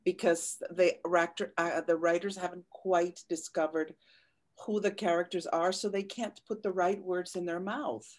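A woman's voice: lowish voice, fairly even intonation, normal speed. A woman actress chatting on a panel in an enthusiastic, emphatic way. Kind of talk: casual panel chat.

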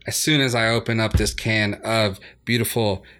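A man hosting a casual gaming podcast, relaxed and chatty with plenty of fillers. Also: fairly low pitch, normal speed. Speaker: podcast host.

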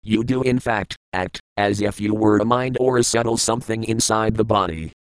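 A man reading the lines of a calm, blunt old male spiritual mentor in an audiobook, firm and patient in a lecturing way. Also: on the low side, moderate pace, clear, resonant tone, no room sound, close to an everyday voice, poor audio. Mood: firm teaching.

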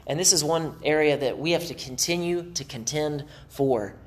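A middle-aged man preaching a sermon as pastor, in a conversational, animated way with acted asides. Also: a little high, normal speed.

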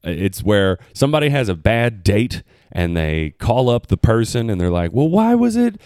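A man from the hosting a podcast, riffing in a comedic monologue and swooping into high mock voices. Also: lively intonation, normal speed, darkish tone, clean tone, no room sound, clean studio sound. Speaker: podcast host.

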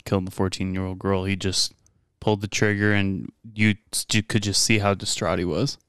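A man with a low, smooth voice chats about a film in an easygoing, joking manner. His words sound clear and dry, close to the mic. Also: level tone, brisk, a bit bright, no room sound. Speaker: podcast co-host. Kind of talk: casual movie discussion.

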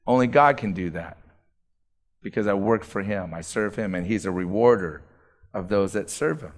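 A middle-aged man preaching a sermon as pastor, earnest, building emphasis through repeated phrases. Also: medium pitch.

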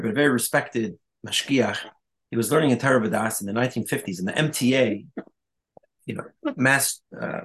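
A rabbi giving a conversational Torah talk, telling stories with Hebrew and Yiddish terms and quick asides. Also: male voice, medium pitch, fairly bright tone.

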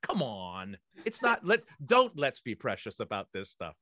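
A man's voice: medium pitch, wildly swooping pitch, measured pace, bright, forceful tone, no room sound. Wry emphatic man, dry close sound. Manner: emphatic and wry, with many fillers and restarts. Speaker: guest, theatre director and writer. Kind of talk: casual podcast conversation.

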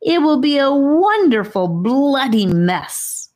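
A woman's voice: sits high, very animated, takes it slowly, darkish tone, voice pushed up, exaggerated voice. A woman voicing a cruel, giggling female snake in an audiobook, gloating with menace. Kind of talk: audiobook character voice.

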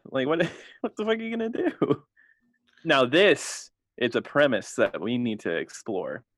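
A man's voice: medium pitch, expressive, a little slow, a bit bright, no room sound, clean studio sound. A man in a casual comedic podcast chat, reacting with swears and laughter.

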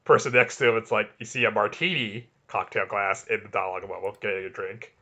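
A man's voice: on the low side, fairly even intonation, a little fast, pushed and bright. A man co-hosting a comics podcast, chatting casually and enthusiastically, often restarting his sentences. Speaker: podcast co-host. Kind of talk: casual chat.

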